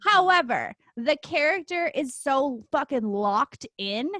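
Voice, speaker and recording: Woman, co-host, casual chat, high pitch, dry sound, emphatic delivery. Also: expressive, takes it slowly, pushed and bright, no room sound. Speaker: podcast co-host.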